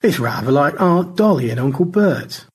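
A man's voice: lively intonation, moderate pace, a little mellow, husky. A man voicing George, a pompous, languid old space adventurer who talks in grand, wordy phrases. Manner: grandiloquent, high and theatrical.

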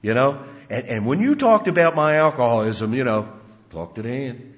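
A man's voice: mid-range voice, sing-song, normal speed. A middle-aged man tells his own recovery story at a meeting, plainspoken, with many fillers and repeated words. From Maryland. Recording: muffled recording in a reverberant hall.

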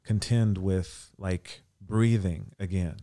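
Mellow man musing thoughtfully. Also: deep voice, fairly even intonation, takes it slowly. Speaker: podcast co-host. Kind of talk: casual podcast chat.

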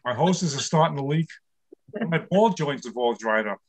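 This man in his sixties, a New York City comic, delivers stand-up over video from his home studio, laughing at his own rapid one-liners. He speaks at medium pitch and a moderate pace, with an expressive delivery.

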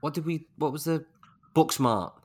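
A man's voice: on the high side, normal speed, darkish tone. A man co-hosting a podcast, chatting casually and joking about what he watches. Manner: chatty, jokey, laughs often. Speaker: podcast co-host. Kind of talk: casual chat.

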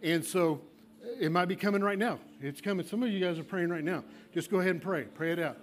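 Fervent pastor, fairly high voice. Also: male voice, fast talker, a little hiss or hum. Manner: coaxing, repetitive, fervent prayer. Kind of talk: sermon with altar call and prayer. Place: church sanctuary.

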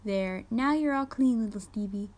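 A woman reading as a bright young heroine. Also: a little high, normal speed, close to an everyday voice. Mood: cooing.

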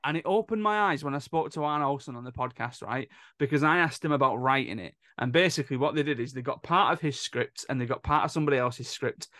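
A man's voice: mid-range voice, fast, hardly any pauses, a bit bright, no room sound. Hesitant male podcast host, dry sound. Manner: storytelling, hesitant with fillers. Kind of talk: casual chat.

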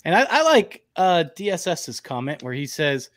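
A man from the northern United States co-hosting a live podcast, relaxed and easygoing in casual banter. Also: a little high, moderate pace, hardly any pauses. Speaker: podcast co-host. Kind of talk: casual live-stream chat.

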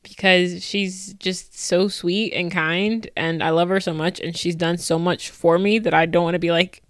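A woman's voice: fairly low pitch, normal speed, dry recording, clean studio sound. Gushing, laughing young woman podcaster. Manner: gushing, laughing, animated fangirling. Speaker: podcast host. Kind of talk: casual solo podcast chat.

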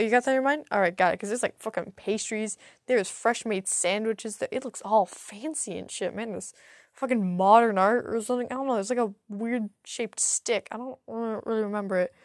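In a clean studio recording with no room sound, a young adult woman hosting a podcast speaks briskly in a higher voice. On her own, she tells a rambling story laced with profanity and stuttering restarts.

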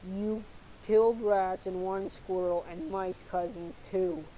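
A woman voicing a fat, paranoid male rat prince who bellows accusations, read slowly with faint hiss behind. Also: medium pitch, steady tone, dark tone, close to an everyday voice, low-quality recording. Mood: angry.

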